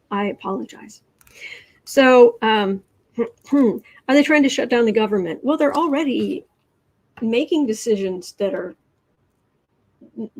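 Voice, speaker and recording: Livestream host, woman, chatty and quick with asides, voice sitting a bit high. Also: darkish tone. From Midwestern United States. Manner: chatty, quick asides, reads viewer comments aloud. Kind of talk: casual livestream chat reading cards and comments.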